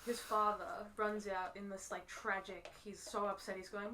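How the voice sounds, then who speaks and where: A woman's voice: medium pitch, flat delivery, moderate pace, pushed and bright, distant mic, a little hiss or hum, low-quality recording. A woman chatting casually on a podcast, rambling with many fillers. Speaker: podcast co-host. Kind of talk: casual chat.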